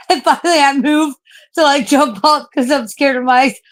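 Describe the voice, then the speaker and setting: A high-voiced woman in her forties chats casually on a late-night live stream, rambling, swearing a lot, and laughing at herself.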